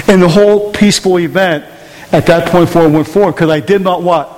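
A man's voice: high voice, steady tone, fast talker, in a large hall. A man preaching a conversational sermon in church, often asking the congregation rhetorical questions. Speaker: pastor. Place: church hall.

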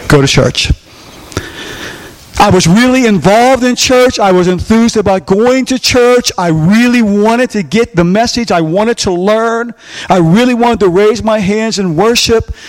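A middle-aged man preaching from the pulpit in a notably high voice. He drives each point home by hammering lines again and again. He keeps throwing questions out to the congregation. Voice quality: emphatic, asks the congregation questions and repeats key lines. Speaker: pastor. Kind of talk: sermon.

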